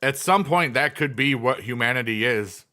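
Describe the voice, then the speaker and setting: A man's voice: mid-range voice, lively intonation, moderate pace, pushed and bright. A man in casual livestream chat, rambling with lots of fillers and reading chat messages aloud. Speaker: livestreamer, former teacher.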